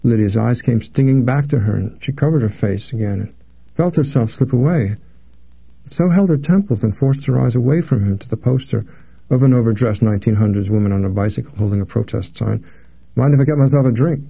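Low gravelly male audiobook narrator. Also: brisk, dry recording. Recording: dry, tinny phone-like sound.

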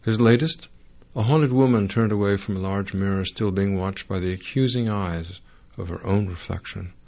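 A man narrating a first-person audiobook in a wry, sardonic way, with dry dark humor. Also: lowish voice, normal speed.

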